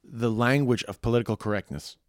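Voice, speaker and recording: A man's voice: mid-range voice, a little fast, no room sound, clean studio sound. An Irish man in his forties giving a rambling, emphatic podcast monologue, swearing freely. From Ireland. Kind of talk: casual monologue.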